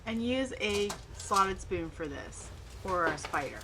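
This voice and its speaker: A middle-aged woman hosting a home cooking video, calmly walking through each step in a friendly, instructional way. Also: mid-range voice, takes it slowly, noisy background. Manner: friendly instructional, talks with mouth full. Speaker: cooking channel host.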